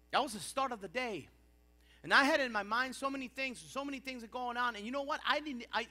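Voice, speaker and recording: A middle-aged male pastor preaching a sermon in a church, swinging between quiet reflection and impassioned bursts. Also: very high-pitched. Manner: impassioned preaching with rising and falling intensity.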